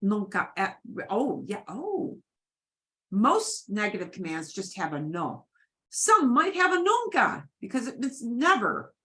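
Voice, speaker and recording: A woman's voice: medium pitch, huge pitch swings, a little slow, bright, forceful tone. A woman teaching a beginners' Spanish class, explaining grammar in a chatty way and repeating key points with frequent "okay"s.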